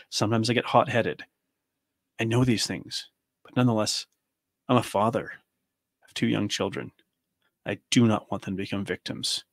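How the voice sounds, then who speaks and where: A man's voice: lowish voice, vocal fry, a bit bright, no room sound, clean studio sound. Angry man firing rhetorical questions. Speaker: podcast host. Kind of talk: impassioned monologue.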